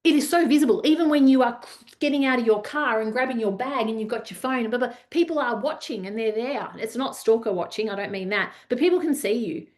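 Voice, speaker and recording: A woman whose voice is a little high delivers a leadership masterclass as a webinar, talking briskly with hardly any pauses. Chatty and filler-heavy, she animatedly retells her anecdotes.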